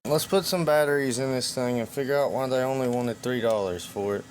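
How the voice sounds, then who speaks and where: A middle-aged man hosting a casual DIY vlog, loud, joking and profane. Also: medium pitch, brisk, faint music behind. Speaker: channel host, circuit bender.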